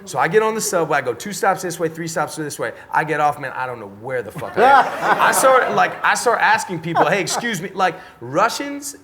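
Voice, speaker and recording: A man's voice: on the high side, brisk, few pauses, noisy background. A middle-aged man from Washington, D.C., a podcast guest telling a long story in casual, profane talk and acting out the dialogue. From Washington, D.C., USA. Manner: animated, profane storyteller who acts out dialogue.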